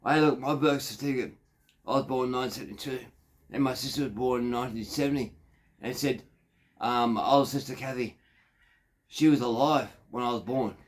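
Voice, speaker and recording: A man's voice: mid-range voice, a little fast. A man in his fifties with an Australian accent, telling a crude, digressive story in a rambling monologue. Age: 50s. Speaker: factory worker.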